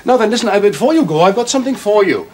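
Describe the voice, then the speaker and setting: An actor playing a gentle, coaxing father in a 1970s television drama. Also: high voice, animated, racing, a little hiss or hum. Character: gentle Welsh father explaining to a boy.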